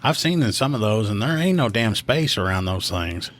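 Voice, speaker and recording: A man, a police officer co-hosting a podcast, telling stories lively and acting out the voices of people in them. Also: lowish voice, moderate pace, no room sound. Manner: animated, acts out quotes, laughs a lot. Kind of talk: casual storytelling chat.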